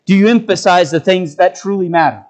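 A man's voice: high-pitched, fairly quick, a little mellow, low-quality recording. A man preaching a sermon, exhorting his listeners with stacked rhetorical questions.

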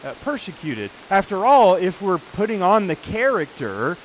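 High-voiced man preaching a sermon. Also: sing-song, normal speed, a little hiss or hum, low-quality recording. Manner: earnest, explanatory teaching with scripture readings.

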